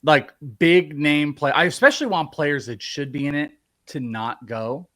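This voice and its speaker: A man co-hosting a sports podcast in casual chat, animated and opinionated. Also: on the high side, moderate pace. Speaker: podcast co-host.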